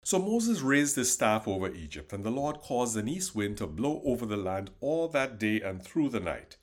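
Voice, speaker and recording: A man narrates a scripture passage with dramatic emphasis. His pitch is very animated, rising and falling through the story. His voice sits at a middle pitch. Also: normal speed. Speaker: Bible reader. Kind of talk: expressive scripture reading.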